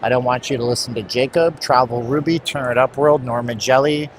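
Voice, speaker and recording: A man's voice: medium pitch, steady tone, fairly quick. A man live-streaming while walking outdoors on a hot city street, bluntly rambling to his chat. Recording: street traffic noise.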